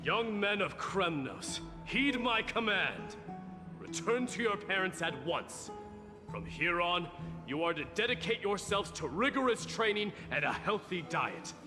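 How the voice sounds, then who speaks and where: An actor playing a proud young crown prince in a game, giving formal orders. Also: male voice, high-pitched, sing-song, takes it slowly, heavily acted. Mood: commanding. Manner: formal, commanding speech. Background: game music.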